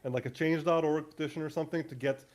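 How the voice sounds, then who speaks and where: A young man, a native Spanish speaker with a convincing American English accent, chatting hesitantly with repeated words and quick laughs. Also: fairly high pitch, steady tone. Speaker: guest streamer. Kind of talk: casual chat on a collab stream.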